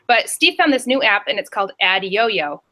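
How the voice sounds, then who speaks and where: Bright-voiced chatty woman reseller. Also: mid-range voice, moderate pace. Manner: chatty and rambling, lively storytelling. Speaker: reseller on a panel show. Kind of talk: casual chat.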